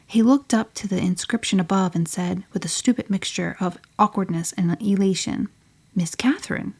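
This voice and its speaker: A woman voicing a spirited, headstrong teenage girl telling her story in an audiobook, often sinking to a breathy near-whisper. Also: medium pitch, normal speed, a little mellow. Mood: telling a secret. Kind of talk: audiobook reading.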